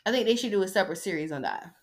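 A woman's voice: medium pitch, lively intonation, rapid-fire. A woman hosting a podcast in a casual, sassy style, chatting and mocking as she reads an article aloud. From United States. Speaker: podcast host.

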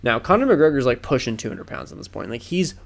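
Young male podcast co-host, gravelly, loose and rambly, casual swearing. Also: mid-range voice, sing-song, fast. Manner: rambling, swears, lots of fillers and restarts. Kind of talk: casual chat.

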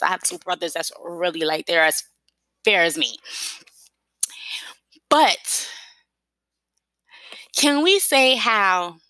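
A woman's voice: medium pitch, sharp tone, no echo, rough recording. A woman with a New York accent talking casually and emphatically to her viewers, often repeating herself. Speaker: vlogger. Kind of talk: casual talk to camera.

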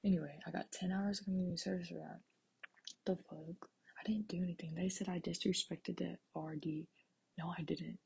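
A young woman rambles through her own podcast from a dark office, blunt and profane, often sinking into a half-whisper. Her voice is deeply husky and gravelly, low and dark in tone. She speaks in a flat, level way. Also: fast. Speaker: author and podcast host. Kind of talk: casual rambling monologue.

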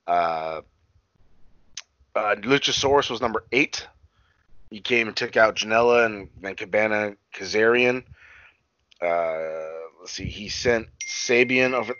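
A man rambles through a loose, profane recap, stumbling over fillers and restarts. His voice is bright and forward. The sound is dry and a little dull, as if from a modest home mic. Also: lowish voice, no room sound. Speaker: podcast co-host recapping wrestling. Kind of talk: casual chat.

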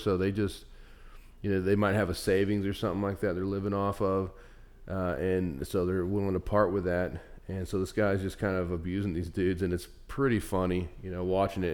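A man's voice: low voice, a little mellow. A young man co-hosting a podcast, telling stories in a rambling casual chat full of fillers and restarts. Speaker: podcast co-host.

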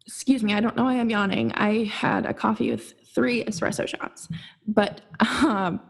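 A young woman co-hosting a casual sports podcast, chatty and quick to laugh, with lots of fillers. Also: medium pitch, creaky. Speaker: podcast co-host.

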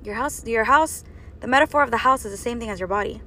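In an earnest faith-and-health sermon, a woman talks fast in a slightly high, sharp voice. Her preaching monologue presses listeners with one rhetorical question after another.

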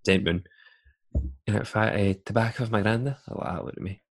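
A man's voice: on the low side, fairly quick, no echo. A Scottish man in a casual podcast chat, rambling through anecdotes with laughter.

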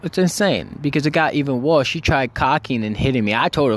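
A young man in a casual storytelling mode, talking fast with mid-range pitch. He rambles and restarts, swears freely and gets worked up as he goes. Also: a little hiss or hum. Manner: excited, rambling, heavy swearing. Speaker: vlogger.

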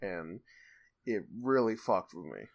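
A man's voice: sits low, very animated, slow, gravelly. Rambling young man telling a story. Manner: rambling, many restarts and fillers, laughs a lot. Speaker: podcast co-host telling a story. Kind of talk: casual storytelling chat.

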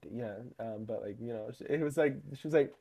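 A young man co-hosting a podcast in easy, casual chat. He talks in a chatty, giggly way and often laughs partway through a sentence. His voice sits in a middle pitch. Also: a little fast, mellow. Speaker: podcast co-host.

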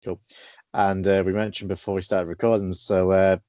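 A man hosting a casual interview, relaxed and hesitant, with many fillers. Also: sits low, moderate pace, dry recording. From England. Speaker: podcast host.

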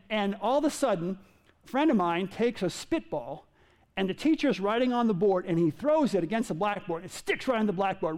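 Animated high-pitched preacher man. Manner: animated, acts out quotes with big pitch jumps. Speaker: pastor. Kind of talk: sermon. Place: in a room with listeners.

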